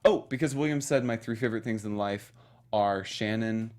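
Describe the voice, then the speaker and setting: A man's voice: fairly low pitch, normal speed, darkish tone. A man co-hosting a casual after-show, recapping an episode with campy, playful banter.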